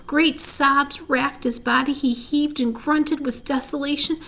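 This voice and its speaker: A woman narrating a children's storybook in a clear, measured way. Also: high-pitched, fairly even intonation, fairly bright tone, a little hiss or hum. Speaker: reader. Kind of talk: storybook reading.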